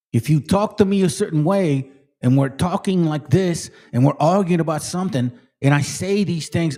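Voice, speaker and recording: A man in his late forties giving a profane, animated commentary as a channel host, often quoting and mocking others. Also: fairly high pitch. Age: 40s. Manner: animated, swears a lot, mocks and quotes others. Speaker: channel host reacting to videos.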